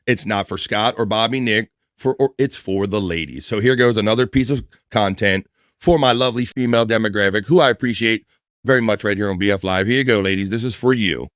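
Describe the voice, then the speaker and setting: A man's voice: fairly low pitch, brisk, a bit bright, no room sound, clean studio sound. A man hosting a casual livestream, playfully teasing and reading viewer comments aloud. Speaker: livestream host.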